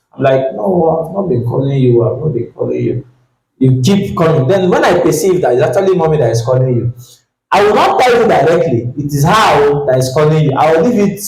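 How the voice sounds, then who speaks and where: A pastor preaching a sermon, reading scripture slowly and acting out the dialogue with energy. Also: male voice, medium pitch, a little mellow, roomy sound, poor audio. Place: church.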